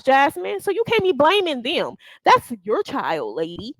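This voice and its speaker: Brief: female reaction host, fast to scold and swear, animated and high-pitched. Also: no room sound, poor audio. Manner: blunt, profane, scolding. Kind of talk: casual reaction commentary.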